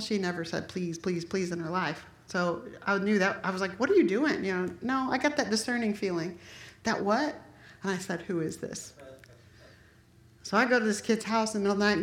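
A middle-aged woman preaching a sermon, telling family stories in a lively, animated way and acting out what people said. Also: mid-range voice, roomy sound. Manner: animated storyteller, acts out quotes. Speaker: pastor's wife preaching.

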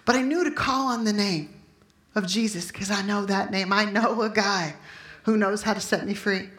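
A woman in her fifties giving a sermon with personal testimony to a room of listeners, emotional and loudly acting out her own prayers. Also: mid-range voice, moderate pace, reverberant. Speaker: speaker at a Christian gathering.

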